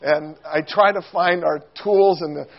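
A man preaching a sermon, telling a funny childhood story in an animated, self-mocking way and acting out quotes with squeals and shouts. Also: a little high, a little slow, vocal fry, muffled recording.

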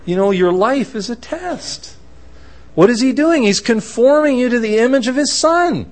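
A man with a very high voice preaches at a moderate pace, telling stories during his sermon and acting out the voices of the people involved in a lively, animated manner.

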